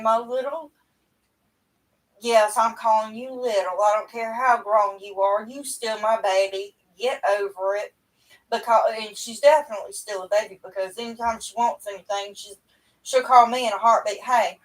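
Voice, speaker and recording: A middle-aged woman with a drawl, talking in a chatty, rambling, folksy way with a fairly high voice. She sits at home talking into a webcam, and her voice sounds a little far from the mic. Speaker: livestream host. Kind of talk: casual chat to viewers. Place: at home indoors.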